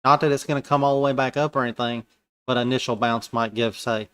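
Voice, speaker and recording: A man talking through his futures trades live as they happen. His speech is loose and colloquial, full of slang, and he thinks aloud in a relaxed, conversational way at an ordinary pitch. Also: fast, smooth. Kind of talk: live trading commentary.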